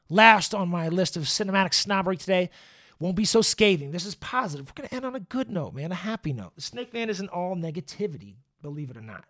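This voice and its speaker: A man's voice: high-pitched, a bit bright. A man ranting casually about films, profane and scathing, with many fillers. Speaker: movie commentator. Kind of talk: casual rant.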